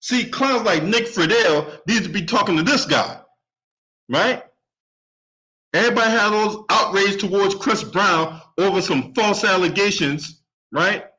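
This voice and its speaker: A man with a high-pitched voice rants angrily through a solo sports commentary. He swears freely and keeps pushing his point with a sharp "right?". His anger stays steady and heated all the way through. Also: a little slow, poor audio. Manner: profane, heated, repeatedly asks "right?". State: openly angry. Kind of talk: angry solo commentary rant.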